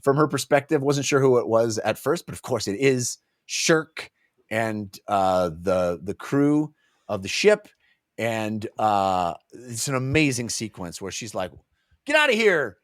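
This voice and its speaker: A man's voice: on the low side, dry recording. Man, podcast co-host, casual book chat, eager, lots of fillers, dry close sound. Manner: enthusiastic, halting with fillers.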